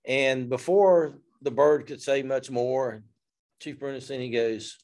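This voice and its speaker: Animated man telling a story. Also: mid-range voice, normal speed. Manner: animated, self-deprecating, acts out quotes. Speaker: fire service instructor. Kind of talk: storytelling in an interview.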